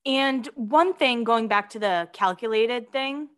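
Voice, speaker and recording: A woman's voice: on the high side, takes it slowly, fairly bright tone. A young adult woman co-hosting a casual podcast, chatty and giggly, reading out gossip items. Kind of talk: casual chat.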